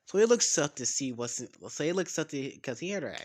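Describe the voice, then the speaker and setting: A man's voice: fairly high pitch, animated, brisk, darkish tone, a little hiss or hum. A man casually making up a story as he goes, rambling, swearing and losing track of names.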